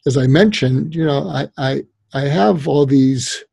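Husky, warm-voiced man giving emphatic advice. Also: mid-range voice, unhurried, no room sound. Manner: emphatic, animated, many "you know" fillers. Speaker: guest psychologist and author. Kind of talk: interview, explaining advice.

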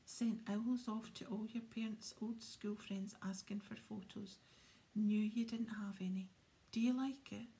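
A woman voicing a huge, soft-hearted grown male groundskeeper with rough, blunt speech in a storybook reading. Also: medium pitch, steady tone, unhurried, natural voice. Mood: gruff.

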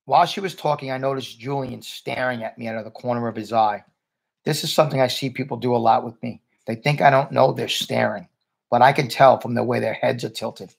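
Gravelly man reading a novel aloud. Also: medium pitch, a little fast. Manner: plain first-person narration with asides. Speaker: reader.

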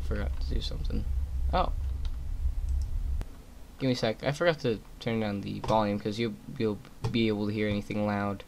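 A man's voice: fairly low pitch, fairly even intonation, moderate pace, vocal fry, pauses often, a little hiss or hum, low-quality recording. A young man commentating a horror game as he plays, swearing often and tossing out sarcastic, irritated asides. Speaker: gaming commentator. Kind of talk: let's play commentary.

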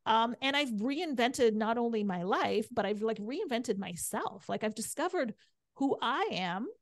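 A woman's voice: on the high side, animated, measured pace, no echo. Middle-aged female podcast guest; candid, chatty storyteller; dry, close mic. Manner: chatty, frequent "right?" and "like".

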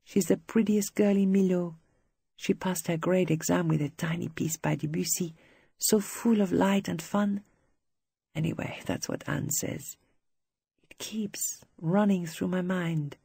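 Brief: narrator playing a confused young soldier, murmuring and dreamy, dark and raspy timbre. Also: medium pitch, steady tone, unhurried, no echo, pitched above the performer's own voice. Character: wounded young French soldier, confused and gentle.

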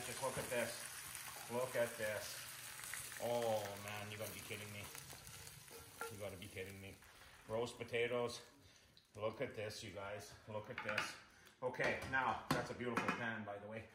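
Man host, chatty home cook, keeps saying "you guys", roomy kitchen with loud sizzling behind. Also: medium pitch, fairly even intonation, moderate pace, long pauses, very noisy. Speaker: cooking show host. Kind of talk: casual cooking demonstration.

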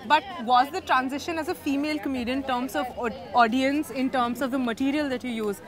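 High-voiced woman host. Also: steady tone, a little fast. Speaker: talk show host. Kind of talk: TV interview and scripted intro.

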